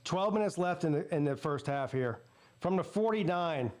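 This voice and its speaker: A sports channel host with a high-pitched voice runs through a live football game, calling every down and yardage, and between plays launches into blunt, profane rants. He's animated and a little mellow at a moderate pace, with the loose, running chatter of a watch-party host.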